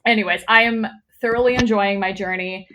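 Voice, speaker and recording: A woman's voice: mid-range voice, steady tone, brisk, a bit bright, a little hiss or hum. Woman, comedy podcast host: loose, profane, laughing storyteller. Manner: chatty, profane, laughs often, rambling. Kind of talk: casual comedic chat and reading aloud.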